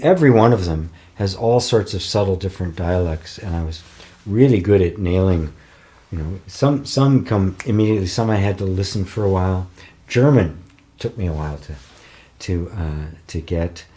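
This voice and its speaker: Older guy rambling on a stream, lowish voice, lots of ums and chuckles. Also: normal speed, mellow. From United States. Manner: rambling, chuckling, many fillers and restarts. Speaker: spiritual teacher. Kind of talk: casual live-stream chat, reading viewer comments.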